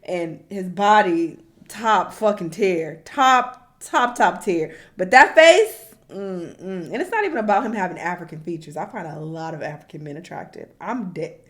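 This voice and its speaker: A woman's voice: fairly low pitch, expressive, normal speed, hardly any pauses, a bit bright. A woman hosting a reaction video, giving blunt, profane opinions in casual commentary and often breaking into laughter.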